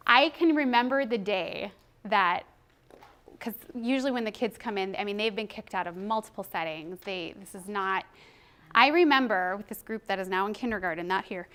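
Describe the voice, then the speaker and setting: A woman giving a conversational presentation to educators, animated and chatty, sometimes acting out children's voices. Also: fairly high pitch. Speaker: presenter on child emotional development.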